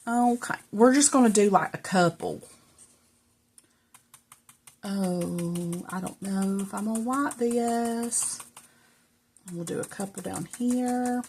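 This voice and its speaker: A middle-aged woman with a mid-range voice talks slowly, pausing often, while she crafts at home and chats to her viewers. She's a crafting vlogger, out of breath and rambling, half talking to herself as she works in her indoor craft room. A little hiss or hum sits under the recording.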